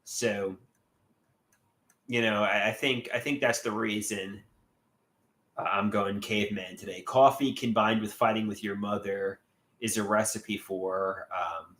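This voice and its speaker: A man's voice: lowish voice, fairly even intonation, a little slow, fairly bright tone, reverberant. A man streaming live and reading chat, talking in an agitated, repetitive way with many stumbling restarts.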